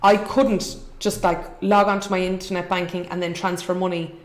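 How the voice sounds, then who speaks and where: A woman's voice: lowish voice, little pitch movement, moderate pace, roomy sound. An Irish woman hosting a live investing show, upbeat and chatty as she reads out viewer comments. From Ireland. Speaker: show host.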